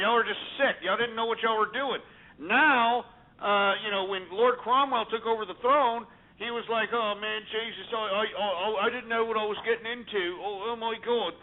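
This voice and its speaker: A man hosting a call-in radio show, arguing hard with a caller and talking over him. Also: high voice. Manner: combative, talks over the caller. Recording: tinny lo-fi radio broadcast.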